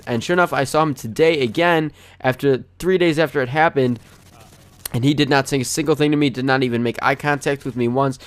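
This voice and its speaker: A young man in a casual, rambling storytelling mood, peppering his talk with "like" as he hosts his gaming video. His voice sits at an ordinary middle pitch. The recording is close and dry, with no room sound. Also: normal speed, clear, resonant tone, dry recording. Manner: rambling, chatty, lots of "like". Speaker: gaming channel host. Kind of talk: casual storytelling over gameplay.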